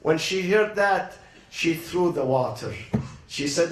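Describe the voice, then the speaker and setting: A man at a youth gathering, telling a religious story as a sermon, with dramatic pauses and short emotional phrases. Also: a little high. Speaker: speaker at a youth event. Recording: roomy echo.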